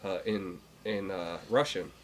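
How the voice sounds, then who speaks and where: A man's voice: low-pitched, measured pace, slight background noise. A man co-hosting a podcast, telling a story in casual chat with many fillers and restarts. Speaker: podcast co-host.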